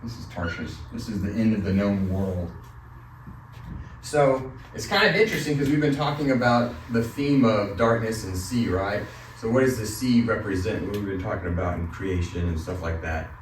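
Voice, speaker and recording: A man's voice: on the low side, moderate pace. A man teaching a Bible study class in casual, conversational style, asking the group questions and telling light stories. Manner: conversational, asks the class questions, tells a joking story. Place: church classroom. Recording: roomy, mic from a distance, faint noise.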